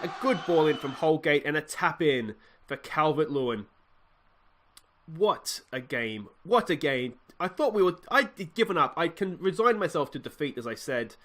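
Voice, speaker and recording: A young man with an Australian accent talks through his video game as he plays, excitable and thinking aloud. His voice sits a little high and sounds bright and forceful. He is close on a desk mic. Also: normal speed. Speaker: let's play host.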